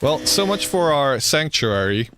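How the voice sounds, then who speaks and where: A man's voice: a little high, very animated, unhurried, fairly bright tone, a little hiss or hum. A young man streaming a survival game, swearing at it and laughing in disbelief as things fall apart. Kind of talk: live gameplay commentary.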